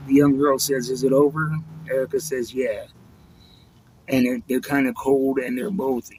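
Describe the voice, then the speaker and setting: A man reviewing a comic book in a relaxed, reflective way, leaning on "you know" as he talks it through. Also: mid-range voice, a little hiss or hum, rough recording. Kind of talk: casual spoken review.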